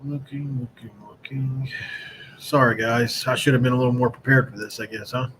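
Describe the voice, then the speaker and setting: A man's voice: medium pitch, level tone, quick pace, a bit bright, slight background noise. A man hosting a casual live-streamed sports talk show, speaking in a loose, rambling way and greeting chat viewers by name.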